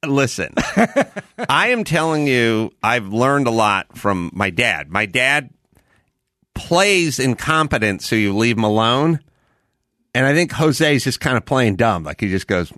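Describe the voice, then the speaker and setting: A man's voice: mid-range voice, expressive, measured pace, sharp tone, dry recording, studio quality. A middle-aged man hosting a podcast, telling a story in casual chat and acting out exasperated quotes. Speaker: podcast host.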